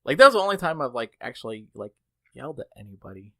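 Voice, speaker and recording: A man's voice: fast talker, no echo. A man hosting a podcast, telling a work story in casual chat, acting out the people he quotes. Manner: animated storyteller, acts out quotes with big pitch jumps. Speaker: podcast host.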